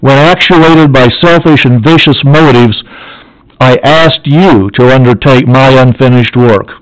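A man's voice: medium pitch, unhurried, no echo, lightly acted, poor audio. A man reading aloud as a dying male scientist, feverish and vengeful, in a grave, solemn manner. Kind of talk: audiobook reading.

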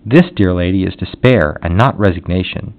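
A man reading the lines of a condemned young servant woman, gentle and resigned. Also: deep voice, moderate pace. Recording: dull lo-fi audio.

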